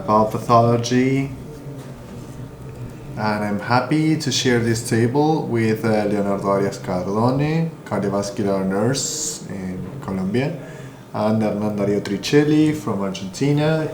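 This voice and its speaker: Low-voiced male moderator, hesitant. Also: unhurried, echoey room, noisy background. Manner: hesitant, many fillers. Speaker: conference moderator. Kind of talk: formal introductions.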